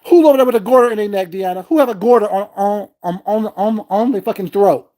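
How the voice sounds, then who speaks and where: A man's voice: high-pitched, fast talker, dark tone. A man hosting his own vlog from home, delivering a heated, profane, confrontational rant of commentary aimed at his critics. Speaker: vlogger host.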